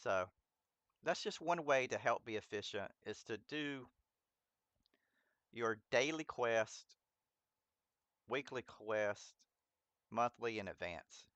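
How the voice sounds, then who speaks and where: Male game streamer, mid-pitched, laid-back and rambling, talks straight to his chat. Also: animated, takes it slowly, long pauses, a bit bright, no echo, highs cut off. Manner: rambling, stumbles over names and laughs at himself. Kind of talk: casual live-stream gameplay chat.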